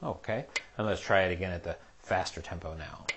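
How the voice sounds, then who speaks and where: A man with a low, deep voice teaches a jazz piano solo step by step, patient and methodical as he counts the beats aloud. Clear piano playing sounds behind him. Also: brisk. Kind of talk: step-by-step music lesson.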